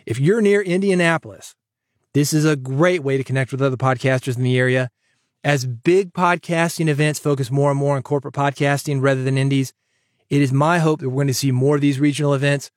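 A man hosting a podcast, giving advice in an energetic, chatty way that jokes with the listener. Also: medium pitch, fairly quick, no room sound, clean studio sound. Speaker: podcast host and coach.

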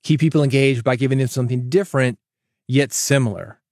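Gravelly-voiced man hosting a podcast. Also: medium pitch, brisk, darkish tone, dry recording, studio quality. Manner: varied, emphatic delivery with casual asides. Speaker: podcast host. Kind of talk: solo podcast monologue. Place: foam-treated closet home studio. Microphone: studio microphone.

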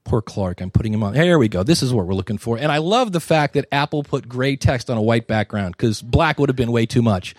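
A man's voice: mid-range voice, brisk, hardly any pauses, no echo, studio quality. A man hosting a live conference session, critiquing podcasts in front of an audience with jokes and asides. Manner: animated, joking and wisecracking. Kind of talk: live panel commentary.

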